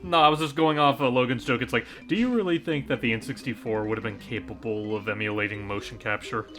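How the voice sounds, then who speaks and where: A man in casual group game commentary, talking hesitantly with many pauses and fillers. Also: medium pitch, music in the background. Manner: hesitant, lots of ums and uhs. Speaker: let's play commentator.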